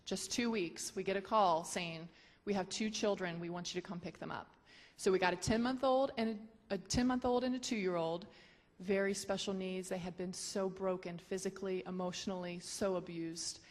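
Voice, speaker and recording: A woman earnestly telling a personal testimony to a gathering, with an emotional storytelling manner. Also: mid-range voice. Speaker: guest sharing her testimony. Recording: long hall reverb.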